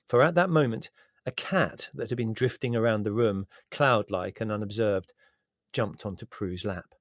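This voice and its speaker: A man's voice: on the low side, normal speed, no echo. A man reading a comic memoir aloud in a wry, dry and understated storytelling manner. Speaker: narrator.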